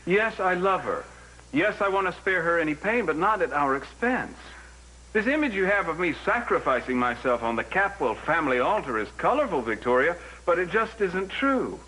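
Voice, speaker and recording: An actor playing the earnest son of a wealthy family in a soap opera, articulate and reassuring. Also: male voice, high voice, very animated, normal speed, sharp tone, slight background noise, heavily acted, rough recording. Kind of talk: television soap opera acting.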